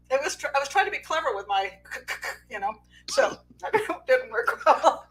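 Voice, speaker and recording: Woman, middle-aged, call-in show host, giggly, rambling, slightly high voice, faint hum. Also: a bit bright, poor audio. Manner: giggly, rambling, self-correcting. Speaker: criminal profiler hosting a live call-in show. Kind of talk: casual live-stream chat.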